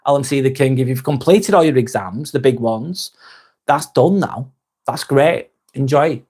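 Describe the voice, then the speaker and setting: A man's voice: mid-range voice, normal speed, darkish tone, slightly rough. A man hosting a casual live vlog, reading viewer comments aloud and chatting back to them.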